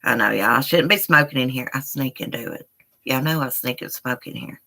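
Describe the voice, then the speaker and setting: Woman, low voice, bright edge, casual rambling live-stream chat, talks to viewers from home. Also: brisk. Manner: chatty, rambling, addresses chat as y'all. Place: indoors at home.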